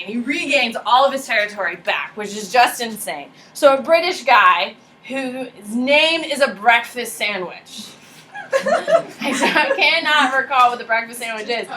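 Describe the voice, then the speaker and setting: A young woman teaching a high school history class, lively and casual, joking and chatting with her students between points. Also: slight background noise. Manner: animated, casual and slangy, jokes with students. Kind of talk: classroom lecture.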